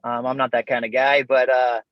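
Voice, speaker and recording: A man's voice: medium pitch, level tone, a little fast, dry recording. A man who is a guest on a podcast, telling his story in an easygoing, chatty way and laughing often. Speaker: interview guest, Army veteran. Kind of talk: casual storytelling in an interview. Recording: dull, dry remote call audio.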